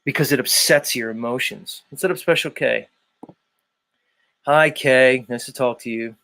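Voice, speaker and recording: A man's voice: mid-range voice, a little slow, gravelly, bright, forceful tone. A man hosting a livestream, ranting emphatically and swearing often. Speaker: livestream host. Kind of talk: profane rant.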